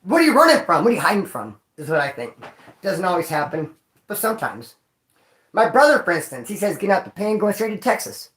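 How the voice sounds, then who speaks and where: A man from Bakersfield, California telling rowdy stories in casual street slang to his viewers, cursing and sometimes yelling. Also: high voice, fairly quick. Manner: profane, animated street slang, bursts of yelling. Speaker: vlogger. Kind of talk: casual storytelling to a live chat. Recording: echoey room.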